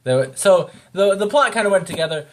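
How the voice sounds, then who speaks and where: A man's voice: sits high, animated, brisk. A man giving a casual, rambling spoken review of a video, talking off the cuff.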